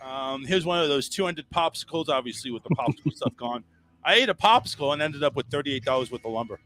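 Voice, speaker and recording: A man's voice: mid-range voice, lively intonation, fast, fairly bright tone, soft background music. A man hosting a call-in talk show, reading memes aloud and joking with a crude, profane streak. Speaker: radio show host. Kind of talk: casual call-in show banter.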